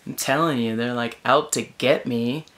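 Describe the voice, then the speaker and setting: A woman vlogger telling a story in a casual, animated way from inside her tent in the woods, filling her talk with "like" and "you know". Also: a bass voice, moderate pace. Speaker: wilderness vlogger.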